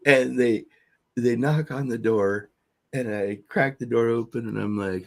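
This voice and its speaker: Husky low-voiced man telling a wild story. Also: normal speed. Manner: profane, animated storyteller who acts out quotes. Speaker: podcast host. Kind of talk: casual storytelling.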